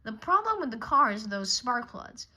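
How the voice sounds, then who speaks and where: A woman voicing a calm, reassuring father bear in a storybook reading. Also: fairly high pitch, normal speed, highs cut off, full character voice.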